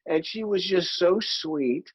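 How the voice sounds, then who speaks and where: A middle-aged man, an actor guest, telling lively anecdotes and acting out the people in them. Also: high voice, slow pace, husky, no room sound. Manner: lively storyteller who acts out the people in his stories. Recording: dry, slightly dull recording.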